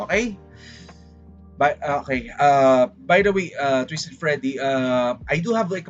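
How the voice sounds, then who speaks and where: A man from the Philippines with a Filipino English accent, chatting casually on a livestream, rambling and dramatic as he talks straight to his chat. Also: fairly high pitch. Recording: dull lo-fi stream audio. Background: faint background music.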